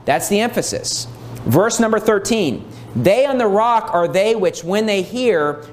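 A man's voice: high-pitched, very animated, normal speed. Emphatic male preacher reading scripture. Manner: emphatic, repeats key phrases, reads scripture aloud. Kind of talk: sermon.

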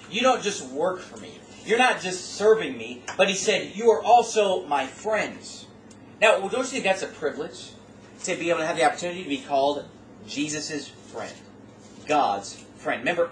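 A middle-aged man preaching a sermon, exhorting his listeners with rhetorical questions and folksy asides that rise to emphatic peaks. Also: a little high. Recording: roomy, distant mic, faint room noise.

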